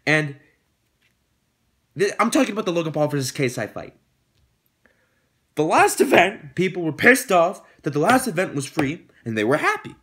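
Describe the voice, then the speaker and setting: A young man hosting his own YouTube show, talking casually and breaking into loud, sarcastic rants with swearing. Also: a little high, husky. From United States. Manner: rants loudly, swears, dramatic outbursts. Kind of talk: casual vlog monologue.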